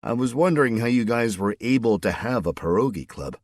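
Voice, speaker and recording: A man's voice: mid-range voice, expressive, fairly quick, a little mellow, dry recording, pitched above the performer's own voice, lightly acted. A man voicing a wry small-town farmer with a dry, wisecracking manner.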